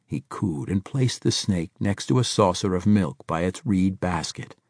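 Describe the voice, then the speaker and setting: A man narrating a thriller novel in a wry, measured audiobook reading. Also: low voice, a little mellow, husky, no echo, studio quality.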